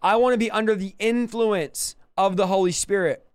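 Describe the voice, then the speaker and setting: A man's voice: sits high, moderate pace, clear, resonant tone, dry recording, studio quality. A man preaching and praying with fervent, repetitive exhortation. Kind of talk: sermon with prayer.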